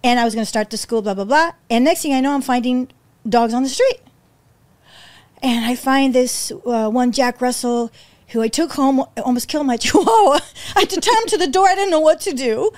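Woman, high voice, animated storyteller, acts out dialogue, emotional. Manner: acts out quotes with big pitch jumps, emotional, fast restarts. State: near tears. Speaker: podcast guest, rescue founder.

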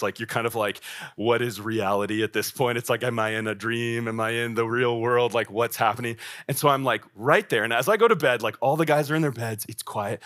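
Bright-voiced young man telling a camp story. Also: medium pitch. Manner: casual, filler-heavy with frequent "like". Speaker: young adult ministry speaker. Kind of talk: sermon storytelling.

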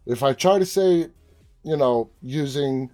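A man's voice: mid-range voice, unhurried, warm tone, soft background music. An American man hosting a live stream, chatting casually, reading out viewer comments and entertainment news, and often getting sidetracked. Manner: chatty, easily sidetracked, teasing.

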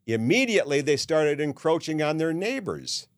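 A man's voice: fairly high pitch, big pitch swings, normal speed, no room sound, clean studio sound. A man in his seventies hosting a podcast, ranting bluntly in a monologue with many "uh"s and restarts. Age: 70s. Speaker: podcast host. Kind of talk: opinionated monologue.

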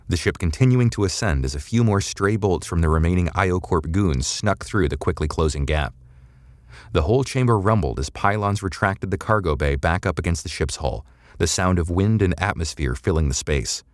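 A man reading a sci-fi adventure serial in a measured, dramatic way. His voice is extremely deep, and the recording is dry and close to the mic. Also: no echo. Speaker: audiobook narrator. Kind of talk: scripted narration.

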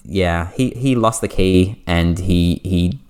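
An Australian man hosting a podcast, telling a story in casual chat, animated and full of "like" fillers. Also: low-pitched, smooth. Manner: animated, fast anecdote with lots of "like" fillers. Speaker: podcast host.

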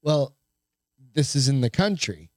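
A man's voice: mid-range voice, very animated, unhurried, no room sound, clean studio sound. A man co-hosting a casual podcast, swearing freely and stumbling as he reads a news story aloud. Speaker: podcast co-host. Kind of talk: casual chat.

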